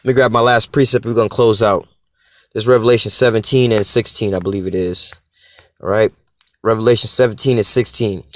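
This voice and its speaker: Man, fast-talking, brash profane bible teaching, dry close sound. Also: on the low side, fairly even intonation, no echo. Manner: brash, profane, rhetorical questions. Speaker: street preacher.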